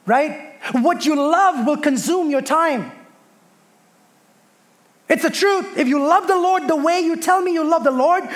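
A man in his thirties preaching a sermon, a pastor who tells family stories and acts out the voices in them. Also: extremely high pitch. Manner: animated storytelling preacher, acts out his kids and God in hushed voices.

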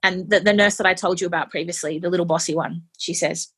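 A woman telling a personal story in conversation, animated and laughing as she quotes others. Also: fairly low pitch, brisk, few pauses, slightly rough. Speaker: interviewee.

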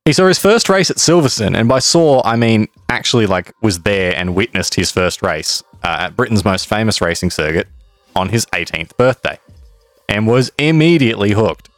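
Lively young man telling a story. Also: lowish voice, moderate pace, dry recording. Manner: lively, laughs easily, playful asides. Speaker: podcast co-host. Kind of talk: casual storytelling chat.

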